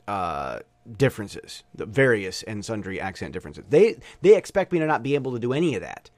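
A man's voice: fairly low pitch, sing-song, brisk, a little mellow, no room sound. A man, talking in a rambling, opinionated monologue full of restarts. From United States. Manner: rambling, self-correcting, opinionated. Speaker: language learner abroad. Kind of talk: casual monologue.

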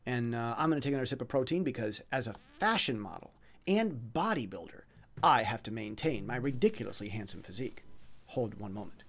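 A man's voice: mid-range voice, animated, fairly quick, a bit bright. Rambling, self-mocking male podcaster. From foreign resident in Taiwan. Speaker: podcast host. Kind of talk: casual monologue.

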